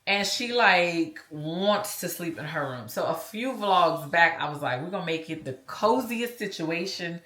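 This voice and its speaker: Low-voiced chatty Louisiana woman. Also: animated, unhurried, few pauses, a bit bright, roomy sound. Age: 40s. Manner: chatty, talks straight to viewers as "y'all". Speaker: vlogger. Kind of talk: casual vlog chat.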